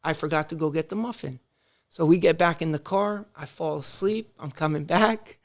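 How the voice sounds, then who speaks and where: Brief: man, high voice, animated storyteller on a podcast. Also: moderate pace. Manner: animated, acts out family dialogue. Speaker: podcast guest. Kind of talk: casual storytelling.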